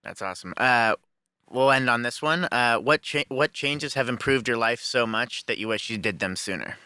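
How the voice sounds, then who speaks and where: A man hosting a podcast, reading out interview questions in a plain, even way. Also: mid-range voice, moderate pace, clear, resonant tone, dry recording. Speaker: podcast host asking questions.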